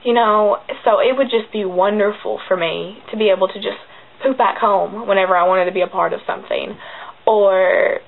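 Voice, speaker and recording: A woman's voice: medium pitch, normal speed, gravelly. A young woman, chatting casually to camera in a rambling way full of fillers. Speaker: fan channel vlogger. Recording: tinny phone-like webcam audio.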